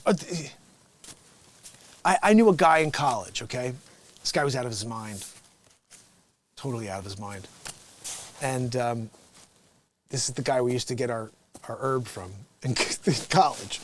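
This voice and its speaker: A man's voice: medium pitch, slight background noise. A man hosting a livestream, chatting casually and jokingly about a Bible reading, laughing often. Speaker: livestream host.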